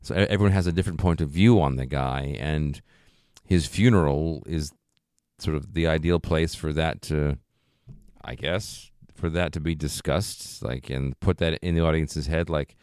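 A man's voice: a bass voice, normal speed, darkish tone, no echo, clean studio sound. A man in a casual film discussion, thinking aloud in long, rambling sentences full of "you know" and "like". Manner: thoughtful, rambling, frequent fillers like "you know" and "like".

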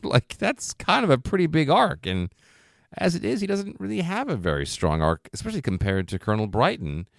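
A man's voice: fairly high pitch, wildly swooping pitch, fairly quick, gravelly, dry recording, studio quality. A man in a casual film discussion, thinking aloud in long, rambling sentences full of "you know" and "like". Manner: thoughtful, rambling, frequent fillers like "you know" and "like".

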